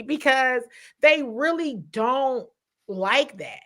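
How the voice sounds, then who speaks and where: A woman sports reporter sits in as a guest, her voice a touch high and full of animation. She slips into quoted voices as she tells her stories, loose and conversational. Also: lively intonation, normal speed, fairly bright tone. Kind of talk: casual podcast chat.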